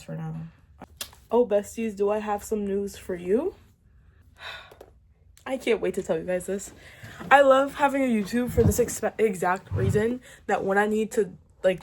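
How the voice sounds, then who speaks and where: A woman's voice: medium pitch, a little mellow, a little hiss or hum. A teenage girl chatting casually to her viewers, ranting animatedly about books and laughing through a storytime. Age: teens. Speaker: book vlogger.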